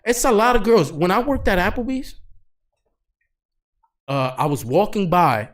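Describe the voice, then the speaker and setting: A man runs a casual podcast conversation with a somewhat raised voice, telling stories loudly and animatedly. His talk is blunt and full of profanity. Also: sits high, measured pace. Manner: loud, animated, profane storytelling. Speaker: podcast host. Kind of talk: casual chat.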